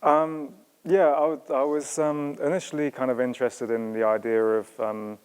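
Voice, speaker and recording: Male sculptor, halting and searching for words, smooth clear tone, long hall reverb. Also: mid-range voice, level tone. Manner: halting, many ums and restarts. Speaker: sculptor discussing his exhibition. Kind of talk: hesitant conversational talk. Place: museum auditorium.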